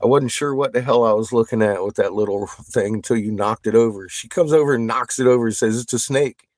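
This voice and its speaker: A man chatting casually with viewers on a livestream. He swears constantly, gets excited and laughs often. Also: lowish voice, fast, dry recording.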